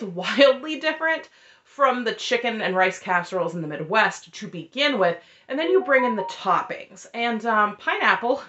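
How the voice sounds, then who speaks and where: Wry, chatty woman host in her thirties, animated delivery, muffled lo-fi recording. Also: medium pitch. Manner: chatty, wry, lively retelling with quoted voices. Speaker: recap host. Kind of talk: casual chat recap.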